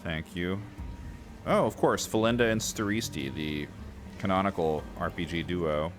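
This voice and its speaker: Man, low voice, sardonic game commentary, wry asides, faint game music behind. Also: unhurried. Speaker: game streamer. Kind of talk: let's-play commentary.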